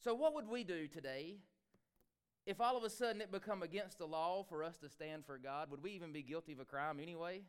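A male preacher delivering a sermon, swinging between loud exclamations and hushed asides. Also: a little high, fairly quick, smooth.

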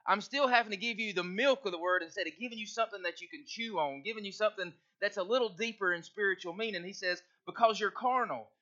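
A pastor, a man, preaches in a folksy, conversational way and reads scripture aloud. His voice sits high and sounds bright. The recording is muffled and lo-fi. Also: quick pace, hardly any pauses. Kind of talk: sermon.

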